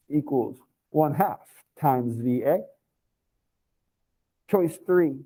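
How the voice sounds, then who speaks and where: A male physics teacher leading a live online class, thinking aloud and reading formulas out slowly, with casual asides. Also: fairly high pitch, mellow, rough recording.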